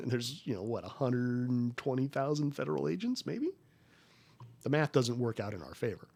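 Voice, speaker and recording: A man in his forties, a former federal agent, telling stories as a podcast guest in a folksy, emphatic way. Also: medium pitch. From United States. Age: 40s. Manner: folksy and emphatic, rising to animated retellings. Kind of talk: conversational interview storytelling.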